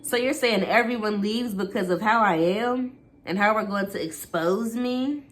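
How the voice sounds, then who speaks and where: Woman voicing a smug man who mocks with fake innocence, low voice, no real character voice. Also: normal speed, gravelly, a little mellow. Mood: angry. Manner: cool, mocking innocence.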